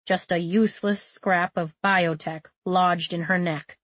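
A woman's voice: fairly low pitch, fairly even intonation, measured pace, fairly bright tone, no echo, voice pushed down. Woman doing a blunt, weary male medic. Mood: matter-of-fact.

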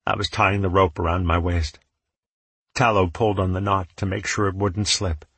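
A male audiobook narrator with a low, husky voice, telling a first-person story in an even, measured way. The recording is dry and close. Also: dry recording.

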